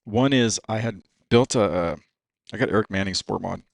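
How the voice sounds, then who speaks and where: A racing driver guesting on a podcast talks casually and profanely, saying "dude" constantly. His lowish voice is creaky and a little fast, recorded in a podcast studio with no room sound.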